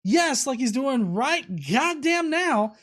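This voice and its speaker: A man's voice: very high voice, lively intonation, takes it slowly, a bit bright. A man hosting a livestream, casually reading viewer comments aloud with many fillers and restarts. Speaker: host.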